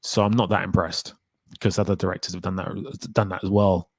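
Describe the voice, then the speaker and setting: A man with a fairly low voice chats casually on a livestream, answering questions from his audience. He rambles a little and laughs easily. The sound is close and dry. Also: brisk, creaky, no room sound. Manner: relaxed, rambling, laughs often. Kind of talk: casual chat.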